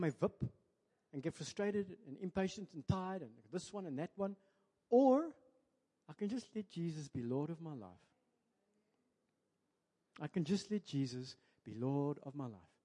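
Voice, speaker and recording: A South African man preaching a sermon to his church, switching between English and Afrikaans and building to loud, emphatic peaks. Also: high-pitched. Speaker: pastor. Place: church sanctuary. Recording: preacher in a large reverberant church hall.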